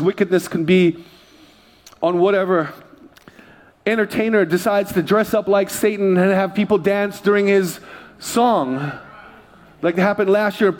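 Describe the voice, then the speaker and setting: A male pastor with a high, bright-sounding voice, preaching in an easygoing, conversational way. He slips into low, quiet asides, then builds into loud, excited storytelling. He speaks from a church stage. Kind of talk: sermon.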